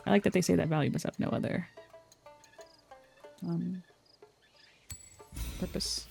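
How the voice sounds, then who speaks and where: A woman's voice: on the low side, steady tone, unhurried, creaky, warm tone, faint music behind. A woman streaming a game in casual commentary, thinking aloud, reading game text out and repeating words back.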